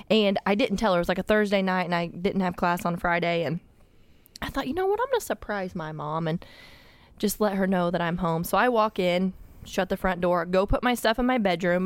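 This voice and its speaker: A young woman, telling animated stories in casual chat and laughing as she goes. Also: lowish voice, no echo.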